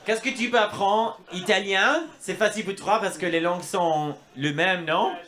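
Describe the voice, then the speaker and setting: A man doing stand-up crowd work in a comedy club, animated and swearing, slipping into other accents and foreign phrases. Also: high voice, normal speed.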